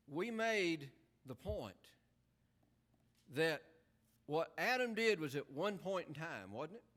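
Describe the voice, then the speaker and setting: A man's voice: a little high, a bit bright. A man preaching a sermon in an earnest, emphatic way, full of rhetorical questions.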